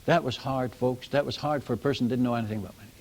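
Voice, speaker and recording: An older man, a missionary preacher, telling stories from the pulpit in a folksy, animated sermon style, calling the audience folks and friends. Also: mid-range voice, rapid-fire, a little hiss or hum. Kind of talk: storytelling sermon.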